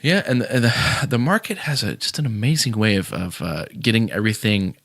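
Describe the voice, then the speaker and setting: A man hosting a podcast speaks in a low register, circling his point with ums and restarts before landing it bluntly. The sound is dry and close on the mic, with no room around it. His tone stays sarcastic and opinionated. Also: expressive, brisk, gravelly, fairly bright tone, no room sound. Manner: rambling, many fillers and restarts. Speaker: podcast host. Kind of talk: casual opinionated chat.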